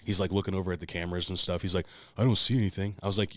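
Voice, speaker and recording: A man's voice: sits low, fairly even intonation, fast talker, few pauses, dry recording. A man co-hosting a podcast, telling a long story in casual, profane, heated talk. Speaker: podcast co-host.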